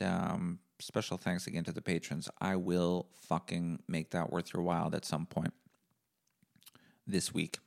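A man hosting a solo podcast and rambling in a deadpan comic way, with plenty of swearing. His voice sits fairly low with a rough, gravelly fry running through it. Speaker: podcast host. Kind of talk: casual solo monologue.

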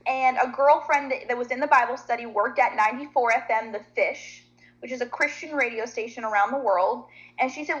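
A woman guest tells her story in an animated, chatty way, acting out the other voices as she goes. Her voice is a bit high, and the sound is slightly dull. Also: brisk. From Nashville, Tennessee. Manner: animated, chatty storyteller who acts out quotes. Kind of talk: casual storytelling.

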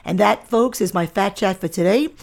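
A woman's voice: medium pitch, normal speed, creaky. A middle-aged woman hosting her own podcast, talking firmly and directly to listeners in a lecturing monologue. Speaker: podcast host and diet center owner.

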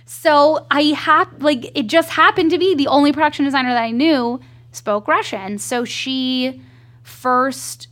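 A woman's voice: high-pitched, moderate pace, no echo. Chatty woman filmmaker, dry sound. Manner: chatty, animated storytelling. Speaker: indie filmmaker guest. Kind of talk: casual interview chat.

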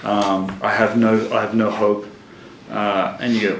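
A man's voice: on the low side, level tone, moderate pace, creaky. A man leading a casual Bible study, chatty and laughing, often restarting his sentences. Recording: echoey room with faint noise.

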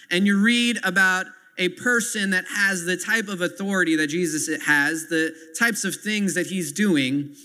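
A pastor delivers a sermon in a church sanctuary, his high-pitched voice carrying a sharp tone. He earnestly explains scripture and pauses now and then for asides to the congregation. The recording has a long hall reverb.

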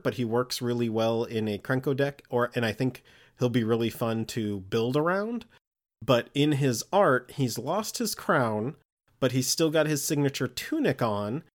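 Excitable, joking male podcast host. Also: medium pitch. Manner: excitable, joking, laughs often. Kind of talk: casual chat.

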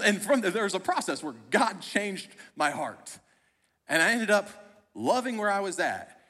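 A man's voice: high-pitched, sharp tone. A young man, a pastor, telling a personal story in a sermon with a conversational, self-deprecating humor. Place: church auditorium. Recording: long hall reverb.

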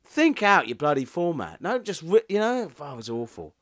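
A man's voice: a little high, sing-song, normal speed, no room sound, clean studio sound. Sarcastic man, griping. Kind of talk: casual chat.

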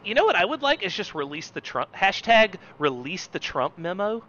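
A man co-hosting a comedy podcast, riffing in an animated way. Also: sits high, moderate pace, dull audio. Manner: animated, riffing, laughing along. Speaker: podcast co-host. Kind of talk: comedic casual chat.

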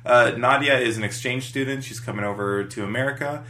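A man co-hosting a podcast, recapping a TV episode in a relaxed, filler-heavy way. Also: medium pitch, brisk. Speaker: podcast co-host. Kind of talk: casual chat recapping a TV episode.

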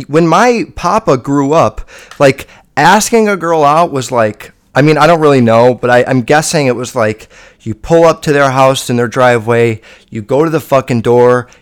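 A man's voice: mid-range voice, smooth. A young man hosting a podcast, talking in a rambling, profane monologue full of fillers. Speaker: podcast host.

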